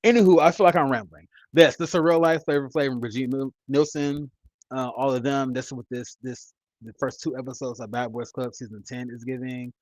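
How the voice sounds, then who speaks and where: A man's voice: mid-range voice, fairly even intonation, fairly quick, darkish tone, no echo, highs cut off. A man in his mid-thirties giving casual, rambling commentary as a reality TV reviewer, blunt and profane. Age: 30s.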